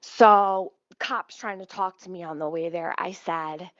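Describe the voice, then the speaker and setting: A woman's voice: lowish voice, steady tone, a little slow, no room sound. A woman in her thirties telling a story casually, swearing a lot, sounding exasperated and laughing often. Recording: slightly muffled dry recording.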